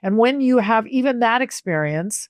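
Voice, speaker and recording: A woman's voice: on the high side, expressive, moderate pace, no room sound, studio quality. A woman co-hosting a podcast, talking in an earnest, thoughtful way. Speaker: podcast co-host. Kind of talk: casual conversation.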